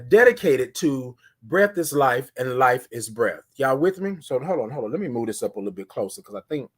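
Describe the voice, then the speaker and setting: Coaxing man hosting a morning live stream. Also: medium pitch. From Houston, Texas. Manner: repetitive, coaxing call-outs to viewers. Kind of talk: casual live stream chat.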